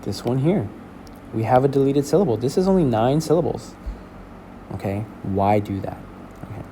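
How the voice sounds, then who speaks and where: A male teacher walking a class through a lesson, explaining slowly and checking in with "okay?". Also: medium pitch, lively intonation, warm tone, slight background noise. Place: school building.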